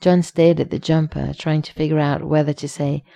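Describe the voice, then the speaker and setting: A woman narrating a fan fiction story in a steady, measured reading voice. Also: sits low, gravelly.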